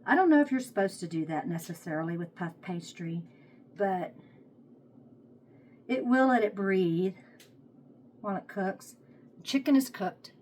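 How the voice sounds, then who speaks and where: A woman's voice: medium pitch, expressive, unhurried, long pauses, a little mellow, slight background noise. A woman with a Texas accent chatting casually while she cooks at home, thinking aloud as she works, recorded on a phone set on a tripod. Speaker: home cook vlogger. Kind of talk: casual cooking vlog chat. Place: home kitchen.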